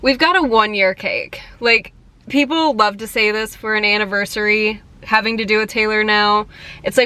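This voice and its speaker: A young woman talks casually to her viewers in a chatty vlog, filling her sentences with "like" and "um" and giggling. Her voice is bright and clear, at an average pitch for a woman. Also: moderate pace. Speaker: vlogger. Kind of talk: casual fan vlog chat.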